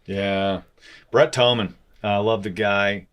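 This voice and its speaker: Podcast host, man, very low voice, casual and emphatic. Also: fairly even intonation, slow pace, clear, resonant tone. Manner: emphatic, rising sharply when making a point. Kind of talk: casual chat.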